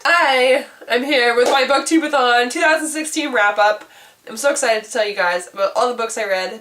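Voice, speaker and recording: A woman's voice: on the high side, fairly bright tone, distant mic. A young woman in her twenties with a sick voice, chatting casually and gushing about books in a vlog. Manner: chatty, gushing, repeats "really". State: sick, congested voice. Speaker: book vlogger.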